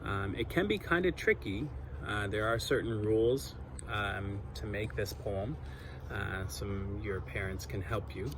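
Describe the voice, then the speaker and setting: A male teacher with a fairly low, unhurried voice gives a recorded lesson to young children, with background noise audible. He's patient, uses many ums and uhs, and adds a bit of self-deprecating humor.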